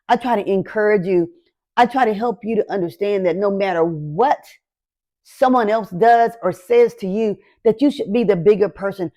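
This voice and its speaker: A woman's voice: medium pitch, mellow. A woman hosting her own show, giving a heartfelt motivational talk, emotional and close to tears. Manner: slow, emotional, encouraging. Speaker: podcast host.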